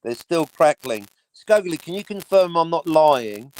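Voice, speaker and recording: A man's voice: on the high side, big pitch swings, unhurried, a little mellow, rough recording. A middle-aged man, hosting a livestream and ranting sarcastically, swearing freely. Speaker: livestream host. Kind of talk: casual livestream chat.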